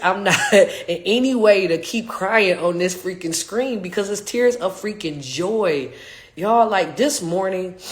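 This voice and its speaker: An adult coach talking in a casual livestream vlog, earnest and heartfelt, rambling in loose slang with many restarts. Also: mid-range voice. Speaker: fitness and life coach.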